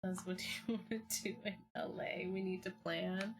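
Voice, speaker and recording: Young woman streamer, slightly low voice, rambling casual chat full of fillers, excitable bursts, home desk mic. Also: moderate pace, gravelly.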